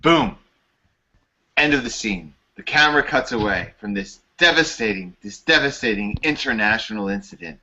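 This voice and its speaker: Improv host, lower bright voice, chatty, lo-fi call sound. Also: male voice, expressive, moderate pace. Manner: rambling, chatty. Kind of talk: casual show introduction.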